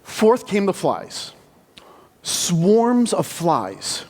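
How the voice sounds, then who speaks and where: A man preaching in a church sanctuary, high-pitched and very lively in his rises and falls. He tells the story at an unhurried pace in a conversational manner. A long hall reverb hangs on his voice. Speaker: pastor. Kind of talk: sermon.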